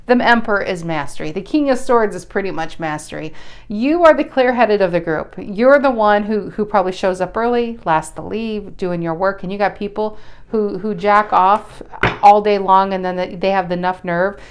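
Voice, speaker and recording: A woman giving a casual tarot reading with a smooth, resonant voice. She talks bluntly and chattily to her viewers, swears offhandedly, and often breaks off to restart her sentences. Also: medium pitch, normal speed. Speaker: tarot reader.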